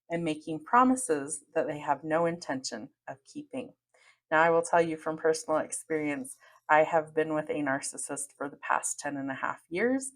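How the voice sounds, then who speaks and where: A woman hosting a podcast, talking in an earnest, steady, advice-giving monologue. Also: low voice. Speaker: podcast host.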